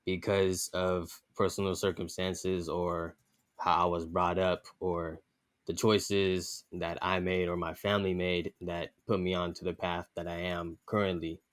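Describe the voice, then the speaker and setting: A young man, a podcast guest, talking in an earnest, measured way about his own feelings. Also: deep voice, level tone. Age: young adult. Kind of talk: casual interview chat.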